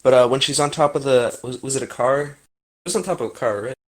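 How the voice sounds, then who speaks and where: A man's voice: mid-range voice, fast talker. A young man co-hosting a casual podcast, with a sarcastic, teasing way of talking. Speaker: podcast co-host. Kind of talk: casual chat.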